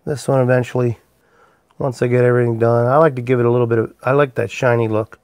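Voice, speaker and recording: With a mid-range voice, a level tone, and a slightly mellow quality, the host talks fast while making pipes on a casual workshop stream. He rambles comfortably, greeting viewers by name, and the audio has no echo.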